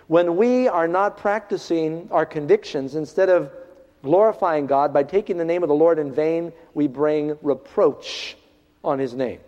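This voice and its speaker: A male pastor preaching a sermon, swinging from raised, emphatic lines to hushed ones. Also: a little high, measured pace. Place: church hall. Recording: dull reverberant hall recording.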